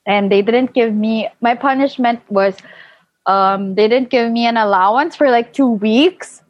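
A young woman telling a personal story in casual chat, full of fillers and animated quoting. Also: on the high side, measured pace, no room sound. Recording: dull lo-fi, dry.

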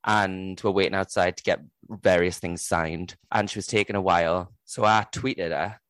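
A man from Newcastle, England co-hosting a podcast, chatting casually and telling lively stories in which he acts out what people said in changed voices. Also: low voice, normal speed, clear, resonant tone, no echo. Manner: animated storyteller who acts out quotes in changed voices. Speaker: podcast co-host. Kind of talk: casual chat.

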